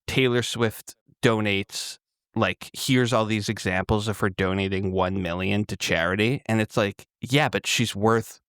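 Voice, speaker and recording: A man co-hosting a casual political podcast, relaxed and explanatory, with lots of "like". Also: on the low side, measured pace, clean tone, dry recording, studio quality. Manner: relaxed, explanatory, says "like" often. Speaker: podcast co-host.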